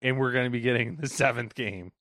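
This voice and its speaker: A man's voice: medium pitch, fairly quick, bright, forceful tone, no room sound. A man co-hosting a casual gaming chat, dropping dry, wry remarks. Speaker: podcast co-host. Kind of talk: casual comedic chat about games.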